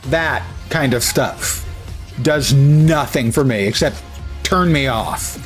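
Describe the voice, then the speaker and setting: A man's voice: mid-range voice, lively intonation, slow pace, soft background music. An older man streaming a casual, blunt and dismissive reaction to a game showcase. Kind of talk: casual live reaction commentary.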